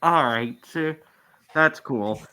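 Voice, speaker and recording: A man's voice: mid-range voice, takes it slowly, pushed and bright. Man, casual chat, curious, asks questions, plain voice. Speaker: co-host asking questions.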